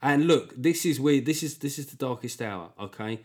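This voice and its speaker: A man's voice: mid-range voice, expressive, normal speed. A man hosting his own podcast in a rambling, sarcastic, self-deprecating monologue. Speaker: podcast host.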